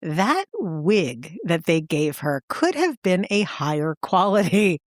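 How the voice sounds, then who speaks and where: A woman's voice: on the low side, very animated, slow, dry recording, clean studio sound. A woman co-hosting a podcast, chatting casually and acting out movie dialogue with lots of "like" and "dude.". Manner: chatty, says "dude" and "like", acts out quoted dialogue. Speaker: podcast co-host. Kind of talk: casual movie rewatch chat.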